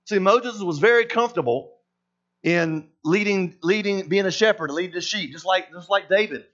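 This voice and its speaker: A man delivers a lively sermon, his voice sitting high for a man. He slips into the voices of the characters he talks about. The sound is dull and lo-fi. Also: moderate pace. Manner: animated, acts out voices of Moses and God. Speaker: pastor.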